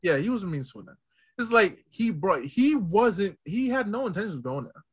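A man co-hosting a casual podcast, retelling film scenes in an animated, excitable way. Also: high-pitched, brisk, breathy edge. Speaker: podcast co-host.

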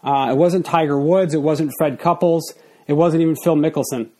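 A man's voice: on the high side, fairly even intonation, normal speed, mellow. A man in his forties hosting a casual solo podcast, a little out of breath, rambling loosely with fillers and restarts. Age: 40s. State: slightly out of breath. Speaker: podcast host.

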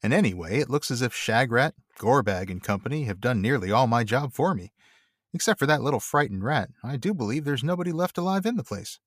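A man's voice: mid-range voice, lively intonation, brisk, dry recording, studio quality, close to an everyday voice. A man voicing a loyal, anxious young male hobbit servant while reading a book aloud. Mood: hopeful. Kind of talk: audiobook-style reading aloud.

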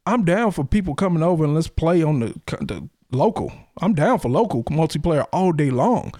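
A man's voice: on the high side, sing-song, normal speed, dark tone, no room sound, studio quality. A man co-hosting a podcast, arguing his points bluntly and insistently in casual chat about a game. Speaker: podcast co-host.

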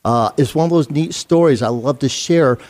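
A man's voice: a little high, normal speed, a little mellow. A middle-aged man, a retired police sergeant, telling a story in an interview in an earnest, conversational way with fillers and restarts.

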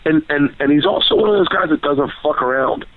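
A man telling stories in casual chat as a podcast guest, rambling, excitable and full of swearing. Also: on the high side, a little fast, no echo. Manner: profane, rambling, excitable storytelling. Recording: tinny phone-line sound.

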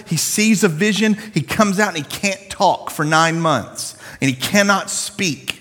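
A man preaching a sermon to a congregation, telling the story in an animated, conversational way with casual slang. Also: sits high, a little slow, few pauses. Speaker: pastor. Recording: long reverb of a large hall.

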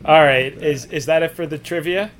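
A man co-hosting a casual podcast, excitable and laughing a lot as he hands segments to his friends. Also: a little high, normal speed, a crowd in the background. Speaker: podcast co-host.

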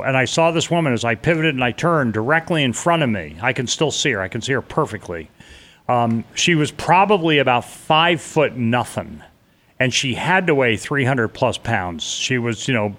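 A middle-aged man tells his story in earnest, halting conversation. He stumbles and restarts mid-sentence and slips into the voices of the people he remembers. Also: medium pitch, a bit bright. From New York. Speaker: interviewee recounting a disaster escape.

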